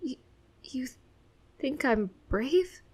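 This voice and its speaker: A woman's voice: on the high side, measured pace. A woman voicing an anxious, emotional young boy who talks in a pleading, tearful way. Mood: timid.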